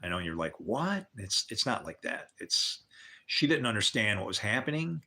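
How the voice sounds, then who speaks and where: A man's voice: on the low side, sing-song, normal speed, creaky, sharp tone. An older man telling candid personal stories on a livestream, swearing and adding religious asides. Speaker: livestream host. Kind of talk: rambling personal storytelling.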